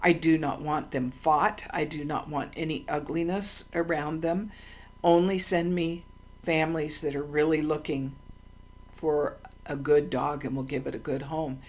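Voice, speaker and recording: Low-voiced woman telling earnest stories. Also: fairly even intonation, a little slow, darkish tone. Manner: meandering, with frequent ums and restarts; earnest and heartfelt. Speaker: channel host. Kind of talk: casual personal storytelling monologue.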